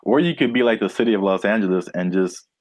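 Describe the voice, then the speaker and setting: A chatty male podcast host who laughs a lot, with a fairly low voice that still swings widely in pitch. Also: expressive, fast talker, darkish tone, dry recording, low-quality recording. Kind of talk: casual chat.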